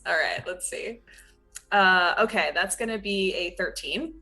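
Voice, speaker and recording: A woman playing a tabletop game, her voice bright and forceful. She talks in a playful, casual way and laughs easily. Faint music plays behind her. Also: lowish voice, unhurried. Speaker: player.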